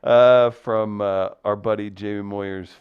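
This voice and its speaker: A man's voice: on the low side, fairly even intonation, slow pace, smooth, dry recording, muffled recording. A man hosting a casual live-stream talk show, joking and reading listener comments aloud. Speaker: podcast host.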